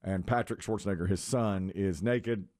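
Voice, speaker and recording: A man's voice: sits low, moderate pace, dry recording, clean studio sound. A man, hosting a morning show and telling rambling stories in casual chat. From North Carolina. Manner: animated, rambling storyteller. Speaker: radio show host. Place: radio studio.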